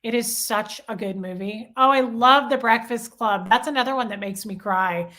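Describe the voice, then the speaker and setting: A woman's voice: fairly high pitch, normal speed, sharp tone. A woman hosting a livestream, chatting casually and gushing as she reads out viewer comments. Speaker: livestream host.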